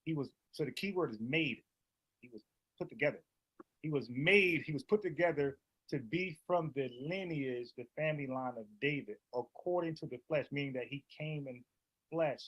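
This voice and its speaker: A man explains scripture in a casual, argumentative way. He talks in bursts, restarts his sentences and keeps pressing his point, with a voice pitched slightly high. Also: normal speed, dull audio. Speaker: online Bible teacher. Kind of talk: casual debate commentary.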